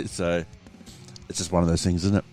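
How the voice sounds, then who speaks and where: A man's voice: low voice, steady tone, measured pace, darkish tone, faint music behind. A man with an Australian accent co-hosting a podcast, in crude, laughing casual banter. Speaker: podcast co-host. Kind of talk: casual chat.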